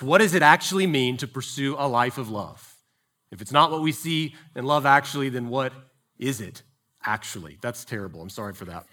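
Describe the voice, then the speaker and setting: A man's voice: fairly high pitch, pushed and bright. A man preaching a sermon to his congregation, playful and joking, asking the room questions. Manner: playful, jokey, engages the congregation. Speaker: pastor. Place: church.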